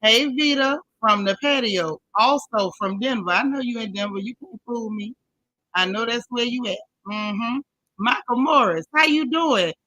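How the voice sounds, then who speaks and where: Woman live-streaming, bright punchy voice, greeting chat by name, super casual. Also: fairly high pitch, moderate pace, dull audio. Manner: chatty, greets viewers by name, folksy slang.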